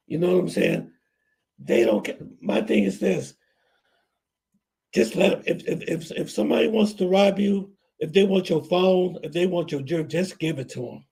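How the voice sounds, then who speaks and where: Man, high gravelly voice, raspy, laid-back adviser in a chat. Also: moderate pace, darkish tone. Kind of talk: casual chat.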